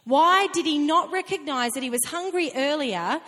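A woman preaching a sermon in a conversational, animated way, with laughing asides. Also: high voice, normal speed. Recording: long reverb of a hall.

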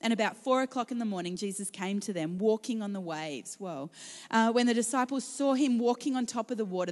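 A woman's voice: on the high side, animated, normal speed. A woman preaching a sermon to a congregation in a room, talking in a conversational way and often asking "can I just say". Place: large room with a gathered congregation. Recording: long hall reverb.

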